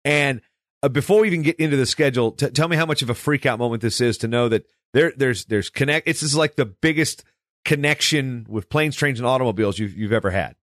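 A man's voice: mid-range voice, quick pace, fairly bright tone, no echo, clean studio sound. A man hosting a conversational interview, telling rambling stories in a chatty way. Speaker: podcast host.

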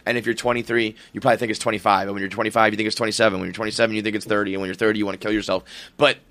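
A man in his late thirties chats on a podcast, blunt and jokey, with plenty of swearing. His voice sits a bit low for a man, and the studio sound is dry and close. He talks like a regular host riffing with friends. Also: level tone, very fast, fairly bright tone, no echo. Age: 30s. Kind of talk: casual chat.

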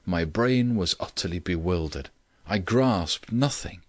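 A very deep-voiced man reads a classic story as an audiobook narrator, keeping a measured, steady, scripted pace. The recording is close and dry, with no room sound.

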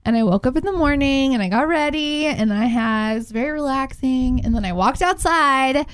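Animated high-voiced woman telling a story. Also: moderate pace, smooth, no room sound. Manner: animated storyteller, laughs often. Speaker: co-host. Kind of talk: casual chat.

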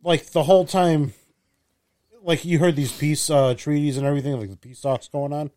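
A man's voice: on the high side, steady tone, normal speed, dark tone. Profane, rambling man in casual chat. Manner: loose, profane, trails off mid-sentence.

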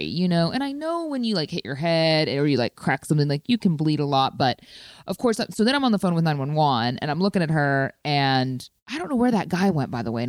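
A woman telling a story in casual chat, chatty and animated, with lots of "like" fillers. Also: low-pitched, no echo, clean studio sound.

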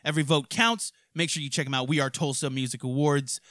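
A man from hosting a podcast, telling crude stories in a rowdy, profane, animated way. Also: a little high, quick pace, no room sound, studio quality. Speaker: podcast host. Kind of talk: crude casual storytelling.

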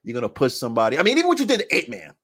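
A man in casual sports podcast chat, animated and laughing, acting out quotes as he talks basketball. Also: fairly high pitch, rapid-fire, vocal fry, slightly rough.

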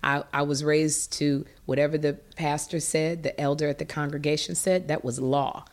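A middle-aged woman, a guest in an interview, telling a personal story in an animated, emotional way with frequent restarts. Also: low voice, moderate pace.

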